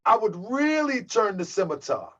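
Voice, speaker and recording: A man's voice: sits high, big pitch swings, moderate pace, a bit bright, muffled recording. A man hosting his own channel, delivering a heated, mocking rant and calling his viewers family. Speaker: channel host. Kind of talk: livestream rant.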